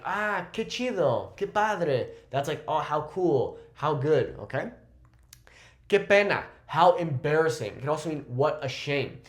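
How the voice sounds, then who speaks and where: A young man gives a language lesson. His voice sits a little high and swings up and down as he explains each phrase and what it means. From California. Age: 20s. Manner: lively explaining, switches between English and Spanish. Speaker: Spanish teacher.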